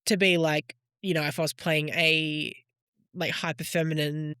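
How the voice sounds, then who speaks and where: Australian woman co-host, chatty and blunt, bright tone, dry recording. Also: low-pitched, flat delivery, normal speed, smooth, dry recording. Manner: chatty, swears casually. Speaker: podcast co-host. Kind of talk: casual chat.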